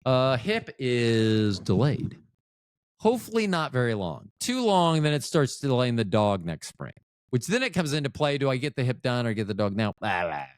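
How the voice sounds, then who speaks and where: A man's voice: mid-range voice, sing-song, moderate pace, clear, resonant tone, dry recording, clean studio sound. A middle-aged man recovering from a stroke, hosting a podcast in a rambling, profane, self-interrupting monologue that often loses its thread. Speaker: podcast host.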